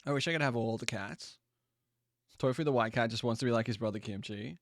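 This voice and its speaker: A man hosting a live stream, chatting casually and easygoing with viewers, with quick asides and apologies. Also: medium pitch, no echo, studio quality. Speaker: livestream host.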